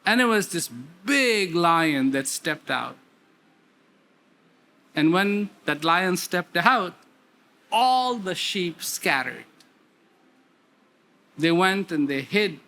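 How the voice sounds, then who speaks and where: A man giving a talk, telling a parable slowly with emphatic repetitions. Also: high voice, animated, pushed and bright. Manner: slow, repetitive, emphatic storytelling. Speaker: speaker. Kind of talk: storytelling talk.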